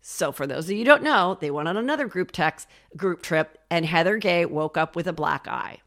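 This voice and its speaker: A middle-aged woman hosting a casual gossip recap, talking animatedly and acting out quotes from the show. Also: moderate pace. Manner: gossipy, animated, acts out quotes with raised pitch. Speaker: pop culture podcast host.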